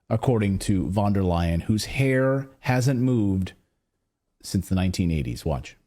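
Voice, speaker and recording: An American man hosts a political commentary show with a warm, mellow voice. His pitch swings widely as he mocks and jabs with sarcasm. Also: unhurried. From United States. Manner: sarcastic, animated, mocking. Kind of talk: opinion commentary.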